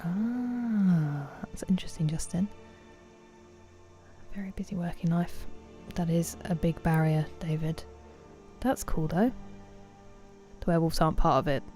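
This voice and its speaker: A woman's voice: on the low side, unhurried, pauses often, mellow. A young woman streaming a game, chatting playfully and greeting viewers by name. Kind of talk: casual live-stream chat while gaming. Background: faint game music.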